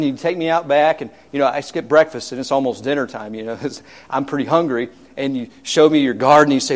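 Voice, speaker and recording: A man's voice: a little high, steady tone, fast talker. A man preaching a sermon as pastor, emphatic and repetitive, telling homely stories with humor.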